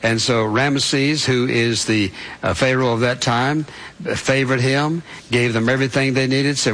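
A man's voice: mid-range voice, a little slow, fairly bright tone, poor audio. Man preaching a storytelling sermon. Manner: storytelling, retells scripture in his own words; asks listeners to picture it as parents and children.

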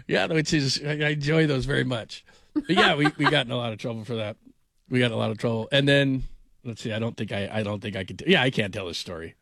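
A man's voice: mid-range voice, quick pace, vocal fry, a bit bright, dry recording, clean studio sound. A man hosting a sports talk radio show, chatting casually and telling rambling jokey stories. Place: radio studio.

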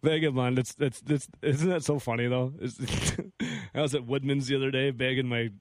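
A man co-hosting sports talk radio, telling stories animatedly with quick laughs. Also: mid-range voice, dry recording. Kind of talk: casual radio banter. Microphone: studio radio mic.

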